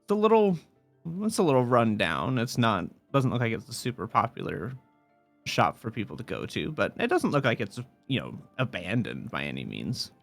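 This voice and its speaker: A man's voice: medium pitch, huge pitch swings, normal speed, creaky, soft background music. A man narrating a tabletop game as dungeon master, rambling with many fillers and restarts.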